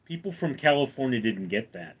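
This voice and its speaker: A middle-aged man with a General American accent hosting a casual livestream, reading out chat comments and answering them at a measured pace. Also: mid-range voice, big pitch swings, husky, highs cut off. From United States. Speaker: livestream host.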